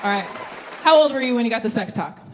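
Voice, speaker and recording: A young woman performing stand-up comedy on stage, animated and self-mocking, with quick asides and crowd work. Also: on the high side. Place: live theater stage with audience. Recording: live show, audience laughter and room noise.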